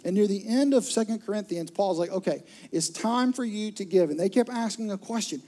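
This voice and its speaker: A man preaching a sermon to his church, telling stories with lively, acted-out voices. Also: sits high, fairly quick, few pauses. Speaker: pastor. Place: church auditorium with a live audience.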